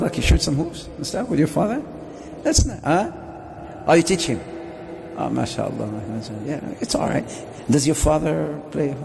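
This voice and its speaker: Joking sheikh lecturing in a reverberant hall. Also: male voice, on the high side, vocal fry, a little mellow, slight background noise. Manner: jokey, asks the audience questions. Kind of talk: lively mosque lecture. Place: Islamic centre hall.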